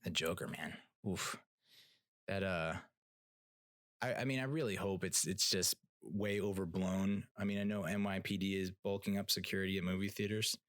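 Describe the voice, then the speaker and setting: Low-voiced man ranting casually, dry sound. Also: fairly even intonation, normal speed, a bit bright, dry recording. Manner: rambling, many fillers and restarts, blunt and profane. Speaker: podcast host. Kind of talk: casual solo rant and TV review.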